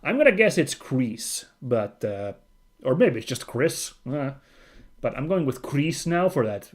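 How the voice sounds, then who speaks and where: A man streaming a story game, reading its narration aloud and breaking into chatty, excited asides. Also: medium pitch, measured pace. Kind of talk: reading game text aloud with casual commentary.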